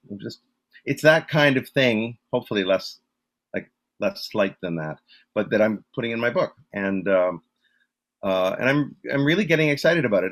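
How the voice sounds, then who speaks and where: A man telling stories as an interview guest, in a relaxed voice of middle pitch. He rambles through fillers and restarts and pokes fun at himself. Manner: rambling, self-deprecating, many fillers and restarts. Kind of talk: casual storytelling interview.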